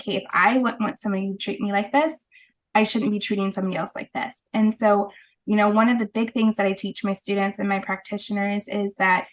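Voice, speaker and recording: Woman, podcast guest, lively storyteller, quick and animated, mid-range voice. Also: medium pitch. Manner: animated storyteller, brisk with frequent laughs. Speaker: guest, holistic practitioner. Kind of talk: casual interview storytelling.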